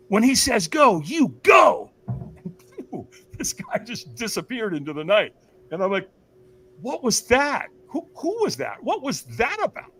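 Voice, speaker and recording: As a podcast guest, a firewalk instructor tells a personal story with animated energy, acting out others' lines with big pitch jumps and laughing often. With a sharp tone, he addresses listeners as "you guys" and asks them rhetorical questions.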